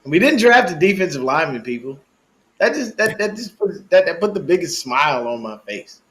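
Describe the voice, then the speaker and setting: Animated man on a fan podcast. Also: fairly high pitch, fairly quick. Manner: animated, laughing, slangy fan talk. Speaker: podcast co-host. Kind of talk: casual sports podcast chat.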